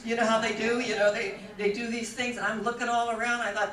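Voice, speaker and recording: Older woman, spiritual talk, bright and forceful voice, slightly off-mic in an echoey room; storyteller who plays out her quotes. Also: fairly high pitch, little pitch movement, fast talker, few pauses, distant mic, a little hiss or hum. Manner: warm-toned storyteller, laughs easily, acts out quoted voices. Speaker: spiritual speaker.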